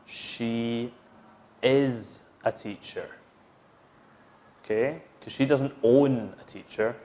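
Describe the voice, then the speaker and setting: A man's voice: mid-range voice, drawn-out words, mellow. A man teaching an English grammar lesson, explaining step by step and repeating each example sentence. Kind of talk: slow, patient grammar lesson.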